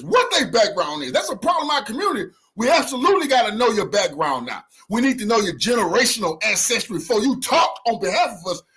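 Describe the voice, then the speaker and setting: A man hosting a livestream who reacts to clips in heated, profane commentary and preaches to his viewers. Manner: animated, profane, preachy, with swooping pitch.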